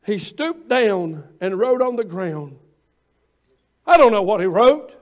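A man preaching a sermon, fervent, with rising shouts and frequent "uh" fillers. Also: high voice, animated, takes it slowly.

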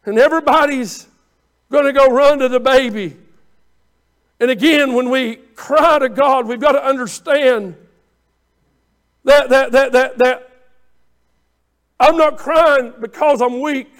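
A man with a very high voice preaching a fervent sermon. He moves from hushed, tender pleading to loud shouts, doubling back on words as the feeling builds. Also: unhurried, pauses often. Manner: impassioned preaching, swings from quiet to shouting; repeats words and restarts phrases. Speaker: pastor.

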